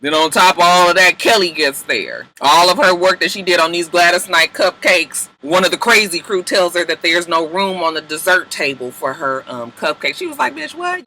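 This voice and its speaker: A man giving a casual, profane TV episode recap, acting out the characters' lines in quick asides. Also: high-pitched, lively intonation, bright, forceful tone, a little hiss or hum. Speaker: TV recap reviewer.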